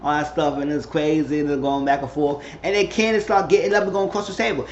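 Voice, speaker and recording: A man's voice: on the high side, steady tone, quick pace, hardly any pauses. A man casually recapping a reality show, rambling and acting out what people said. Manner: rambling, acts out quotes. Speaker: recap vlogger. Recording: dull roomy home recording with faint hum.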